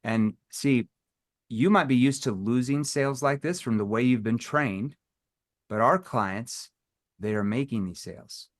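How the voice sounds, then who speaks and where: Male sales coach, lively and theatrical, voices prospects mid-session. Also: medium pitch, unhurried. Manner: animated, acts out phone calls with playful tones. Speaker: sales trainer. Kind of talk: live sales training session.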